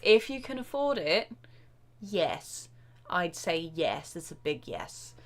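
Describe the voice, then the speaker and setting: Chatty woman drum teacher, lowish voice. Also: slow. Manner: chatty and excitable, with frequent fillers and self-interruptions. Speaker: drum teacher hosting a live Q&A. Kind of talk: casual live-stream chat answering viewer questions.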